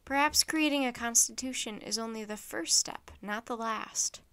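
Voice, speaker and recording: A woman reading aloud, voicing an earnest, wise elderly male statesman in a children's storybook with a measured, formal manner. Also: on the high side, fairly bright tone, clean tone.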